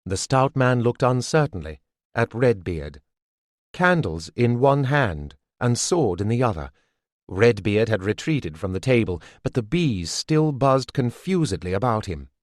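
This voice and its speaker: A man reading a fantasy audiobook as scripted narration, in a measured, deliberate way. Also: mid-range voice, sing-song, dry recording, studio quality.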